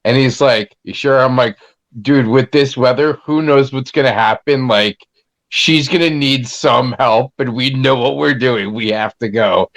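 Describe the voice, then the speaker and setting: A man's voice: mid-range voice, a little slow, fairly bright tone. Easygoing male podcast host. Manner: laid-back, retells an anecdote with a chuckle. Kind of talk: casual chat.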